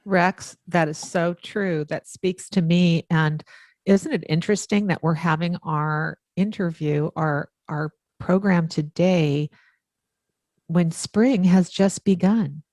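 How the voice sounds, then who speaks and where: A woman author, a guest on an interview, telling stories with lively enthusiasm and acting out the dialogue. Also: lowish voice, slow pace, no echo. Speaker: author and letter writer, guest. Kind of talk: interview storytelling.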